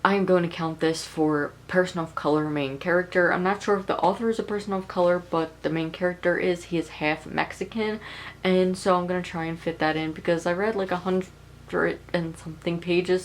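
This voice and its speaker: A woman's voice: lowish voice, steady tone, normal speed, low-quality recording. A young woman talking casually in a reading vlog, rambling and chatty with plenty of filler words. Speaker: book vlogger.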